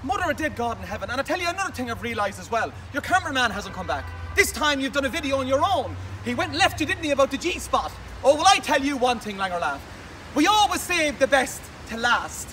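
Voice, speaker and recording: A man with a Manchester accent delivering an aggressive, taunting rant to camera, shouting insults. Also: very high-pitched, sing-song, fast, faint music behind. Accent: Manchester English. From England. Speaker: video ranter. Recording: voice from a distance with faint noise.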